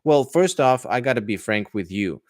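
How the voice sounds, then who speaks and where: A man's voice: mid-range voice, lively intonation, moderate pace, no echo, studio quality. A man teaching English on a live-streamed podcast. He answers viewer questions in a chatty, hesitant way, with many fillers and restarts.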